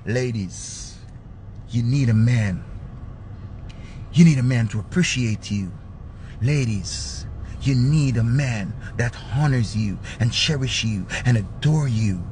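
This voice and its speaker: A Jamaican man putting on the voice of a smooth-talking man who woos women with a slow, crooning pitch. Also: darkish tone, slight background noise, close to an everyday voice.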